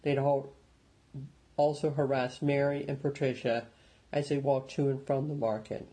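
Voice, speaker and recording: Husky-voiced man reading an audiobook. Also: mid-range voice, poor audio. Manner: steady, measured storytelling. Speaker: narrator. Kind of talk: audiobook narration.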